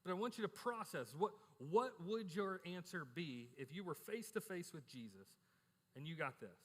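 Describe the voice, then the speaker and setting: A man's voice: sits high, very animated, moderate pace. A middle-aged male pastor preaching a sermon in a candid, conversational way, often repeating words as he starts a sentence. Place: church. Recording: echoey church hall.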